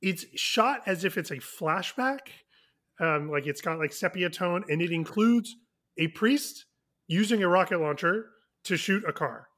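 Higher-voiced man telling a podcast story. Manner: animated anecdote-telling, quick asides. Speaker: podcast co-host. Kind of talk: casual chat, storytelling.

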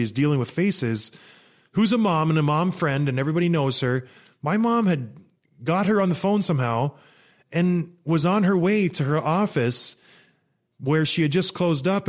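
Animated storytelling man, fairly high voice. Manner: animated, exasperated, rambling with restarts. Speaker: vlogger. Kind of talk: casual storytelling monologue.

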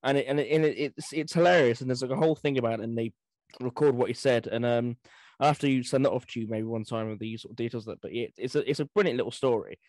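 A man co-hosting a history podcast, telling anecdotes in a relaxed, filler-laden way. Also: mid-range voice, quick pace, no room sound. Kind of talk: casual conversation.

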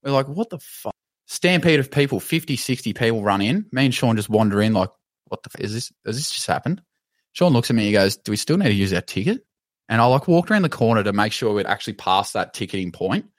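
Australian man, low voice, dry sound, animated swearing storyteller, podcast co-host. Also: fast talker, no room sound. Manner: animated, swears freely, laughs through his story. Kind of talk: casual storytelling.

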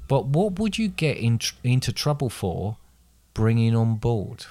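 A man's voice: medium pitch, big pitch swings, unhurried, warm tone. A man hosting a casual quiz, reading out multiple-choice questions and teasing his guest. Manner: teasing, reads questions aloud with restarts. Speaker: quiz host.

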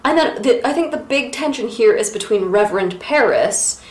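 Lively sarcastic woman, echoey room. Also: fairly high pitch, normal speed. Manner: animated, sarcastic, acts out characters. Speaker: podcast co-host. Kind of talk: casual chat recapping a play.

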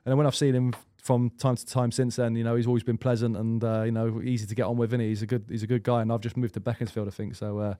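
A quick-talking man in his thirties tells rambling, swear-laced stories on a podcast. His voice sits at a middling pitch. The sound is close and dry, with no room echo. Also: little pitch movement, mellow. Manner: chatty, rambling anecdotes with frequent restarts and swearing. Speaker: guest goalkeeper. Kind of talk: casual storytelling chat.

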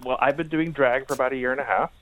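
A man's voice: mid-range voice, fairly even intonation, very fast, a bit bright, low-quality recording. A man chats as a guest on a podcast in a mid-range voice. He talks loosely and falters often, restarting words and circling back before he finishes a thought. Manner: hesitant, repeats words, laughs often. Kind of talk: casual podcast chat.

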